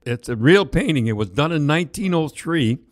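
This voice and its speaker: An older man telling rambling, animated anecdotes in casual chat, with many restarts and laughs. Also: on the high side, brisk, no room sound, studio quality. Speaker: storyteller co-host.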